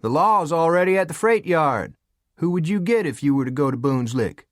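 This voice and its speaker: A man's voice: on the high side, expressive, normal speed, no room sound, clean studio sound, voice pushed up, lightly acted. Uncle Seth, a man doing a drawling frontier uncle. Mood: calm. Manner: drawling rural speech. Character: folksy older male frontier uncle, unflappable.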